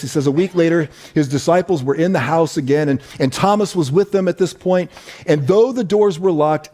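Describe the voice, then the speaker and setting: Casual, fairly high-voiced male preacher. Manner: relaxed, repeats himself for emphasis, asks "right?". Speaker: pastor. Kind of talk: casual conversational sermon.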